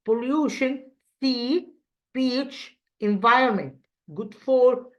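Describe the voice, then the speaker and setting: A woman English teacher whose first language is Arabic, speaking with an Egyptian accent. She goes over exercises in a halting way, repeating words and checking with "okay?". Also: on the high side, highs cut off. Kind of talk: revision lesson.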